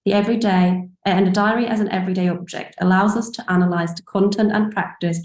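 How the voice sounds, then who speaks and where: A woman reading a formal academic paper aloud over a video call, steady with small self-corrections. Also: mid-range voice, fast, reverberant. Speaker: academic speaker.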